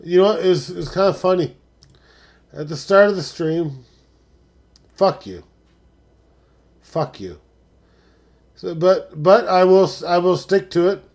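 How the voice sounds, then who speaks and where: A man hosting a live stream, talking casually and profanely, dropping to mutters and then rising to excited shouts. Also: high-pitched, normal speed.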